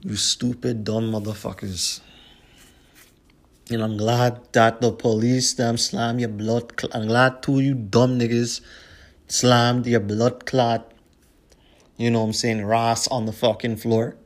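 A man's voice: mid-range voice, flat delivery, takes it slowly. Young male podcast host, profane, heated, repetitive solo rant.

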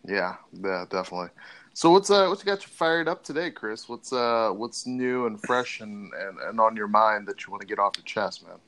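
A laid-back man co-hosting a casual podcast, nudging the talk along with lots of "uh"s. His voice sits a little low and relaxed. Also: normal speed. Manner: easygoing, prompting with fillers. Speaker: podcast co-host. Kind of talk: casual chat.

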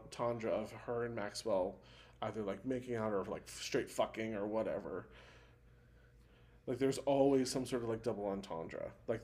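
A man's voice: mid-range voice, a little mellow. Rambling man recapping a show. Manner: rambling retelling full of "like" fillers and restarts. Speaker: podcast co-host. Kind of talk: casual chat recapping a TV show.

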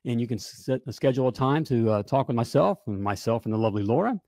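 A man coaching plumbers in a casual, joking sales pitch, often checking in with "all right?". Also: lively intonation, fast, a little mellow, no room sound, studio quality. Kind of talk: casual promotional pitch to camera.

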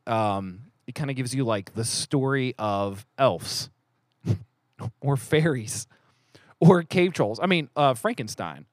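A man's voice: mid-range voice, expressive, slow, no room sound, studio quality. A man from southern West Virginia co-hosting a podcast, chatty and joking. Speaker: podcast co-host. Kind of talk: casual chat.

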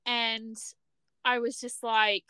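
A woman's voice: fairly high pitch, little pitch movement, slow, bright, forceful tone, clear, resonant tone, no echo. A woman co-hosting a podcast in casual chat, chatty and restarting often as she acts out her own reactions. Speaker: podcast co-host.

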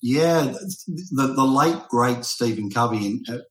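Guy hosting a podcast, tells stories all animated, sounds kinda echoey. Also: medium pitch, unhurried, slight background noise. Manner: animated, storytelling. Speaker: podcast host. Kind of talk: casual interview chat.

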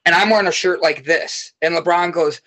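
A man with a slightly high voice tells long, rambling stories in an animated way. He swears freely in a loose, casual podcast chat. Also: brisk. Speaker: podcast guest.

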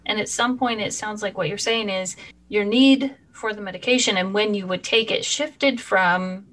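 A woman's voice: medium pitch, normal speed, fairly bright tone. A woman interviewing a guest, asking attentive questions and checking that she has understood him.

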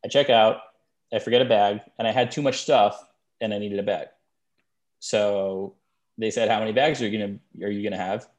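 A man's voice: on the low side, steady tone, normal speed. A man co-hosting a podcast, chatting casually and telling rambling stories with frequent restarts. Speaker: podcast co-host.

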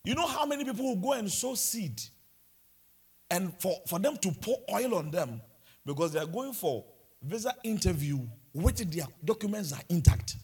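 A man preaching a sermon, telling personal stories with lively, stammering restarts. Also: high-pitched, moderate pace, slightly rough.

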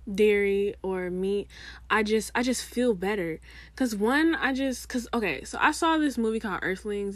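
A young woman talks straight to camera in a loose, rambling vlog, jumping between asides and laughing at herself. Her voice sits at an ordinary middle pitch. The sound is close and dry, with almost no room around it. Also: no echo. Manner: chatty, animated, rambling with asides. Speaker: vlogger. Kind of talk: casual chat to camera.

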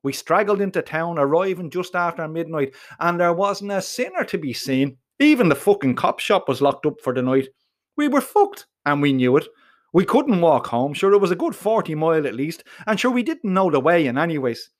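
A man with an Irish accent telling a comic first-person story in a profane, colloquial and animated way. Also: fairly high pitch, moderate pace. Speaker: narrator.

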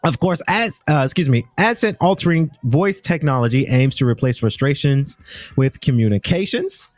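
With a medium-pitched, expressive voice at a normal speed, this American podcast host rambles loosely through the news, often pausing to fix what he just said. The recording has no room sound, and the talk is casual commentary.

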